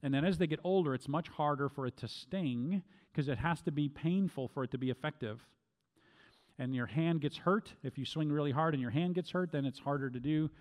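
Deliberate man teaching in a reverberant hall. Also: fairly high pitch, darkish tone. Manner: deliberate, repeats key phrases for emphasis. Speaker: Bible teacher. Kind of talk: instructional Bible teaching.

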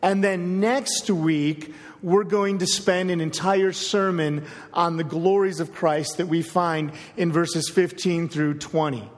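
A male pastor preaching a sermon, emphatic and deliberate, slowing down to stress key phrases. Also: a little high, steady tone. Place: church sanctuary. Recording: long hall reverb.

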